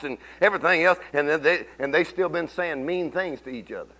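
A man's voice: fairly high pitch, fairly quick, hardly any pauses, sharp tone, poor audio. A middle-aged man preaching a sermon, telling folksy stories and rising into emphatic bursts.

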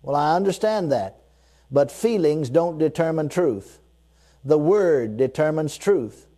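Warm-voiced male preacher, emphatic and deliberate. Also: a little high, expressive. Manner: emphatic, repeats key phrases, slows down for scripture; leads the congregation in call-and-response declarations. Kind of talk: sermon.

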